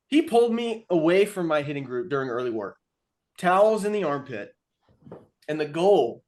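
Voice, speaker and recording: A young man co-hosting a podcast, telling stories casually and acting out the quotes. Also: a little high. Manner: animated storytelling with acted-out quotes. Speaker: podcast co-host. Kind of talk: casual chat.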